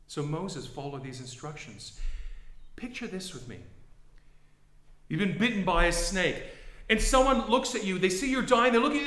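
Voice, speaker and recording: High, bright-voiced male preacher in an echoey room. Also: lively intonation, moderate pace. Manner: dramatic, swings from hushed to shouting. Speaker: pastor. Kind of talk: sermon.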